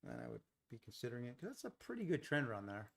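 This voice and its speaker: A man at a mid pitch gives unhurried live trading commentary, thinking out loud as he moves from one market to the next. He keeps questioning his own trade ideas and drops in relaxed, joking asides. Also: creaky. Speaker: futures day trader streaming live.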